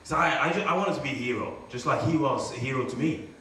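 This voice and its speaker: A man's voice: medium pitch, fast talker, sharp tone, slight background noise. A man performing a comic personal story live on stage, swearing and acting out scenes. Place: stage before a live audience. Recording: echoey stage from far off.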